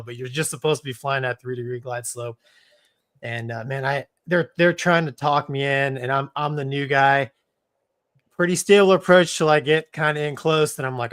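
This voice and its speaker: A middle-aged former Navy fighter pilot, co-hosting a live show, tells a casual story in a medium-pitched voice. He stays animated, laughs in the middle of sentences, and leans heavily on "man" and "dude."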